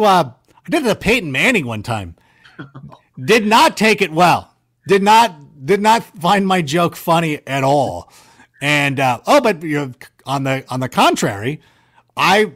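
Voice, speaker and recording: A man telling rambling, self-mocking anecdotes in a casual chat, with lively jumps in his voice. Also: a little high.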